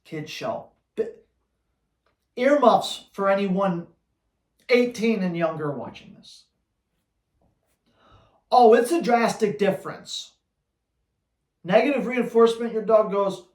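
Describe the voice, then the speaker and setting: A man's voice: high voice, slow pace, long pauses, a little mellow. Man, dog trainer, blunt, teasing, roomy echo. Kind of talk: answering viewer questions.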